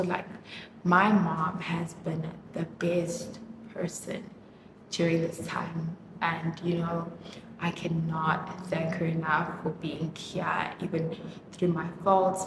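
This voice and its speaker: A woman talks through her makeup routine in a casual vlog, slow and a little low-pitched. She gushes and gets emotional, with her speech full of fillers. The sound is roomy and echoey, with clear background noise. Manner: emotional, gushing, many fillers. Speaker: vlogger. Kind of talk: casual chat while doing makeup.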